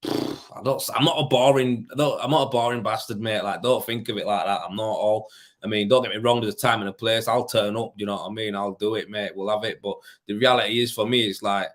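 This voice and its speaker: Man, thirties, low-ish voice, tired, casual live-stream chat, slangy, keeps saying mate. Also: steady tone, brisk. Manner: laid-back, slangy, calls viewers mate, reads comments aloud. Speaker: plasterer livestream host.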